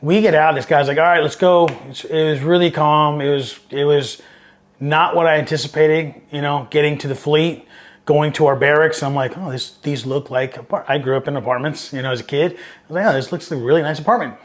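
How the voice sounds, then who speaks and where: A middle-aged Marine veteran from Southern California speaks briskly in a steady, somewhat high voice. He tells war-era stories casually, rambling and swearing, and perks up when quoting others during this storytelling interview.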